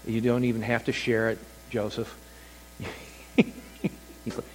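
A man preaching a sermon as pastor, telling stories with animated delivery and acting out quoted voices. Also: medium pitch, slow, a little hiss or hum. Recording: long hall reverb.

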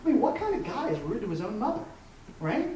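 A man's voice: high-pitched, sing-song, fast, mellow, a little hiss or hum. A man in his thirties preaching a sermon as a pastor, talking in a loose, conversational way with frequent restarts. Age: 30s. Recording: echoey room from a distant mic.

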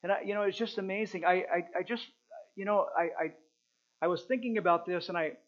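A man preaching a sermon in a somewhat high voice, earnest and full of halting restarts. He swings between loud bursts and hushed, quiet lines. The recording sounds dull and muffled, with a mains hum underneath. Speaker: pastor.

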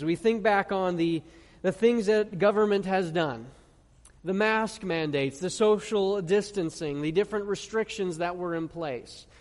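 High-voiced preacher in a reverberant hall. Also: male voice. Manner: earnest preaching with rhetorical questions and slow emphatic scripture reading. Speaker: pastor. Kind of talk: sermon. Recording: long reverb of a large hall.

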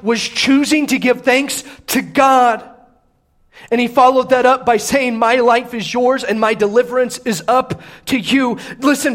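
A man preaching a sermon, swinging between loud, raised urging and hushed, prayerful low tones, reading scripture aloud. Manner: reads scripture in King James wording, repeats words when emphatic.

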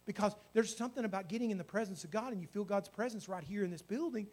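A man's voice: sits high, fast, a little mellow. A man, a pastor telling a story in his sermon and then praying with fervour. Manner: storytelling that builds to fervent praying.

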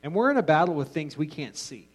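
A man's voice: a little high, big pitch swings, fast, breathy edge, poor audio. A man teaching an informal Bible class in a casual, joking way, often restarting his sentences.

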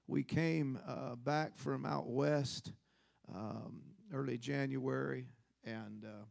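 A man's voice: mid-range voice, steady tone, takes it slowly, vocal fry, a little mellow, no room sound. A man, a visiting preacher, telling a story, sprinkling in amens. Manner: folksy storytelling with frequent amens. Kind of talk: sermon. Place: church.

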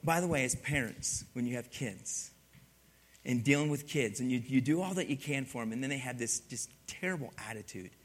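A pastor preaching a sermon, animated and humorous, swinging from hushed to loud. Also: male voice, medium pitch, a little fast.

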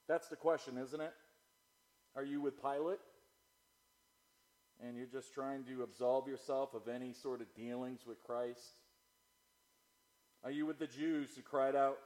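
A man preaching a sermon, moving from loud, declaiming passages to low, quiet asides as he reads and explains scripture. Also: fairly even intonation, measured pace, long pauses, rough recording. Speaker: pastor.

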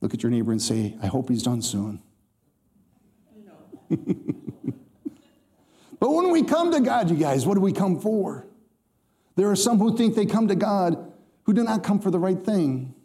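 A man delivering an emphatic sermon, speaking straight to his congregation and reciting scripture verses. His voice sits a little high for a man, with a mellow, warm tone. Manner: emphatic, scripture-quoting, addresses congregation directly. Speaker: preacher.

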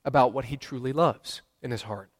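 A man's voice: mid-range voice, fairly quick, in a large hall. A man preaching a sermon as pastor, earnest, repeating key phrases and quizzing his congregation. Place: church sanctuary.

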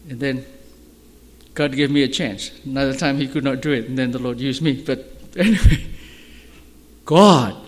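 A man preaching as a pastor, telling stories in an animated way and shouting at the high points. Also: normal speed, long pauses. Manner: animated storytelling, shouting at peaks. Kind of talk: sermon storytelling. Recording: long hall reverb.

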